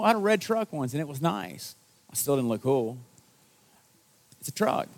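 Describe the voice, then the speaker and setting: A male pastor giving a sermon to his congregation in a conversational, self-deprecating storytelling manner. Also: on the high side. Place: church service.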